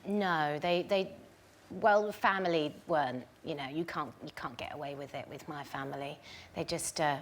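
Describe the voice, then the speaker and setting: A woman's voice: sits low, moderate pace, slight background noise. A woman from England, an actress chatting easily as a talk show guest. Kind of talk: casual chat.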